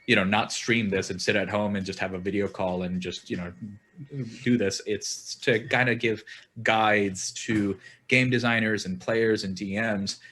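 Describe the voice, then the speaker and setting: A man's voice: fairly low pitch, steady tone, normal speed, fairly bright tone. A man hosting a podcast panel, talking earnestly and thinking aloud with frequent restarts. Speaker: podcast host. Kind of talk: casual panel discussion.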